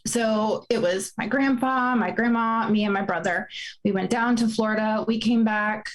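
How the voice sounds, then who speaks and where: A woman's voice: fairly high pitch, steady tone, moderate pace, rough recording. A woman in her forties telling a painful personal story, fighting back tears as she speaks. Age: 40s. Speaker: guest.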